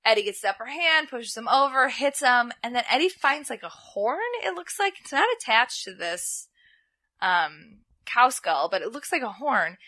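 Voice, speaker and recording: Lively bright-voiced woman storyteller. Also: fairly high pitch, normal speed. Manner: animated storytelling, acts out quotes, laughs a lot. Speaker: podcast co-host. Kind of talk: casual chat recapping a wrestling show.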